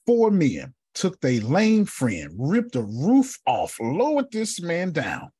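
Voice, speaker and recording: A man's voice: fairly high pitch, wildly swooping pitch, slow, mellow, slightly rough, dry recording, studio quality. A man telling a story in a preaching style, dramatic, repeating a refrain and calling on listeners by name. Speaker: speaker.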